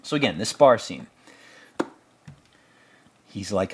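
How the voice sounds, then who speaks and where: A man's voice: fairly low pitch, sing-song, normal speed, slight background noise. A man giving casual film commentary as host, rambling, jokey and profane.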